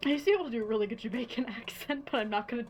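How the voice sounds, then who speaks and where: A woman's voice: on the high side, very fast, slight background noise. A young adult woman streaming a game, chatty and self-deprecating, swearing freely. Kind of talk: casual game stream chat.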